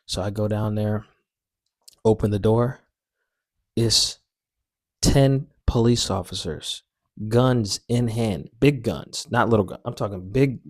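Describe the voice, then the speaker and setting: A young man telling a story-time tale in a casual, animated, slangy and self-mocking way. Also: on the low side, takes it slowly, pauses often, dry recording, studio quality.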